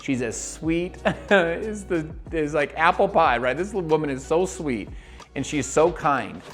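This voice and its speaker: A man giving an energetic motivational talk to the viewer as a network marketing coach, acting out quoted voices as he goes. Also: fairly high pitch, unhurried, faint music behind.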